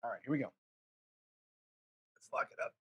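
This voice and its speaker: With a sharp tone at normal speed, a craps streamer rolls dice and offers casual live commentary. He grows frustrated, muttering to his viewers and swearing between rolls.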